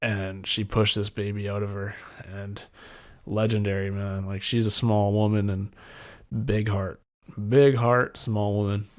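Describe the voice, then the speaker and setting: A young man hosting a solo podcast, telling a personal story in a rambling, excited way with many restarts. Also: fairly low pitch, moderate pace. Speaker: podcast host.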